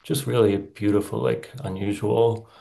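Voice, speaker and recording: Low, gravelly man, matter-of-fact. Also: fairly even intonation, moderate pace, dark tone. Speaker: meditation group member. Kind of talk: casual group discussion.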